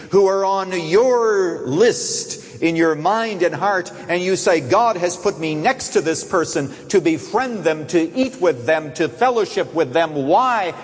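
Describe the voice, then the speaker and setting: Animated preacher in a big echoing hall. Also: male voice, slightly rough. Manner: animated preaching, swinging from soaring emphasis to hushed low asides. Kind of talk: sermon. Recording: long echo of a large hall.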